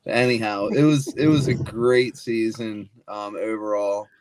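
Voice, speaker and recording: Lower-voiced dude chatting easy, halting bits, dry close mic. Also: male voice, steady tone, darkish tone, dry recording. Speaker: podcast guest. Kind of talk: casual chat.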